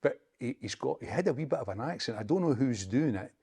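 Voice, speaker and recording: Gravelly older Scottish man, storytelling. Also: medium pitch, lively intonation, mellow. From Scotland. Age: 70s. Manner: halting, repeats words, chatty. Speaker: interview guest, former footballer. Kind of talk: anecdotal storytelling.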